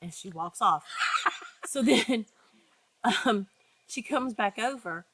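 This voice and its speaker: A woman's voice: mid-range voice, slow, slightly rough, dry recording. A woman co-hosting a casual chat, telling a story with many restarts and acting out what people said. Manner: animated storyteller, acts out quotes, many restarts. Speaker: podcast co-host.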